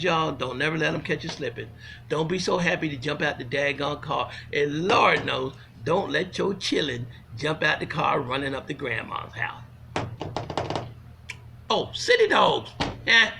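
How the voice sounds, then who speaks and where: A man telling comic stories in a folksy, animated way, swinging from loud to hushed. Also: fairly high pitch, a little slow, creaky, slight background noise. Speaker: storyteller. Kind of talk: comic storytelling monologue.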